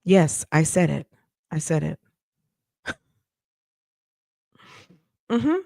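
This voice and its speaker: A woman's voice: deep voice, animated, extremely slow, vocal fry, long pauses, mellow, no echo. A woman podcast host in casual livestream commentary, sassy and emphatic as she fires off rhetorical questions. She takes her time and draws her words out. The voice sits close and dry, with no room sound around it.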